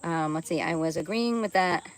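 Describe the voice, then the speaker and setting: A woman's voice: fairly low pitch, normal speed, poor audio. A woman chatting casually on her live stream, playful and laughing often as she reads and answers viewer comments, swearing now and then.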